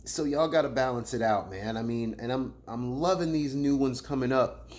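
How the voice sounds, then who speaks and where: A man hosting a loose, slangy battle rap commentary. His voice sits at a middle pitch and swings between loud teasing callouts and quiet, dropped asides. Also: moderate pace. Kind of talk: casual commentary.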